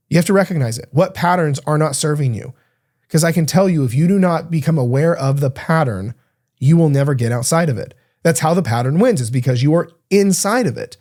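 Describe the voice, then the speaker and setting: Male podcast coach in his thirties, mellow tone, energetic and talkative, loose casual delivery. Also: fairly high pitch. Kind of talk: solo podcast talk.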